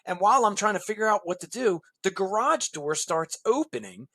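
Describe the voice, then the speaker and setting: Animated man telling a story, dry. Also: high-pitched, brisk, dry recording. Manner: animated, acts out quoted voices; chuckles through the story. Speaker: guest. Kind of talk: casual storytelling anecdote.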